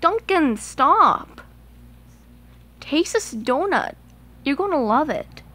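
A woman's voice: high voice, sing-song, takes it slowly, sharp tone, heavily acted. A woman voicing a cheerful, eager male engine in a homemade toy play, chatty and bossy with his friend.

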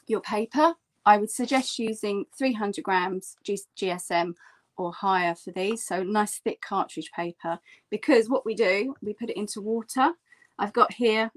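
Woman, mid pitch, friendly craft tutor, chatty and explaining step by step. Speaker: print artist teaching a workshop.

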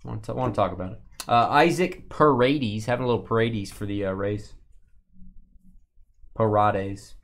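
This card break streamer has a fairly low voice and speaks at a normal speed. He rips open packs on the live stream, chatting casually and teasing viewers in a lively, playful manner.

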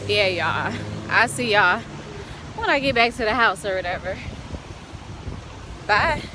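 This woman's medium-pitched voice has lively intonation and a measured pace, with noise in the background. Her casual vlog follows her from a lakeside walk to cooking at home as she chats and tells stories to "y'all."

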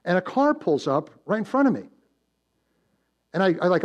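High-voiced pastor preaching with dramatic swings. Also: male voice, big pitch swings, moderate pace. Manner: swings from loud emphatic build-ups to hushed low warnings; storytelling with direct questions to the congregation. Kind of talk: sermon. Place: church.

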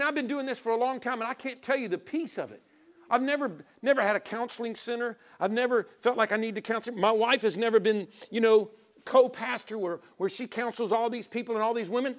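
A middle-aged male pastor preaching a sermon in a fairly high voice. He urges loudly, then drops into quiet, almost whispered lines. He acts out little dialogues with God and people as he goes. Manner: swings from loud urging to quiet near-whispers.

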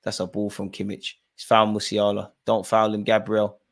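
A man hosting a live football watch-along. He bursts into loud shouts at the players and the referee, then drops to quiet, muttered asides. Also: normal speed, gravelly. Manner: excitable, shouts encouragement and complaints at players and referee; drops to low muttered asides between outbursts. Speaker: fan channel host.

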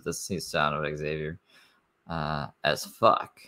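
A man's voice: a bass voice, flat delivery, slow pace, sharp tone. A man giving sarcastic, incredulous commentary on a live stream.

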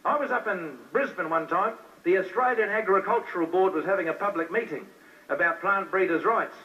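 Male preacher, high and forceful, fervent sermon, distant muffled recording. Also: brisk. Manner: fervent, talks straight to the crowd with rhetorical questions. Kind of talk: fiery sermon.

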